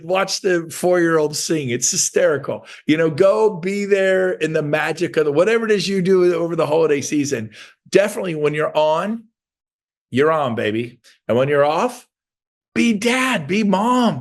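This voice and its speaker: Fired-up man with a gravelly voice. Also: on the high side. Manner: animated, emphatic, swings to shouted bursts. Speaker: motivational speaker for real estate agents. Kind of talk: energetic motivational talk.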